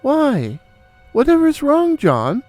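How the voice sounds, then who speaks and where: A man voicing a sweetly sinister mother who is secretly a night floater, speaking in a quiet croon. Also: high voice, very animated, a little slow, dry recording, faint music behind.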